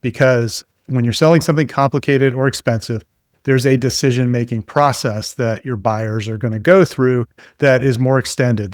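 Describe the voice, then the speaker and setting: A man speaking as a guest in an interview, spinning relaxed stories with plenty of ums and uhs. His voice sits at an ordinary middle pitch. The sound is dry and close, with no room around it. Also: dry recording. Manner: relaxed anecdotal storyteller with frequent fillers. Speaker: guest expert. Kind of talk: conversational storytelling interview.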